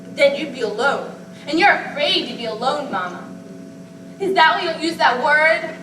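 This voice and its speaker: A woman playing a fragile, childlike grown daughter whose very high voice swings widely as she pleads and breaks. She is heard from far off in an echoey hall. A clear hiss sits under everything. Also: animated, moderate pace. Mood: desperate. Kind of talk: amateur stage acting.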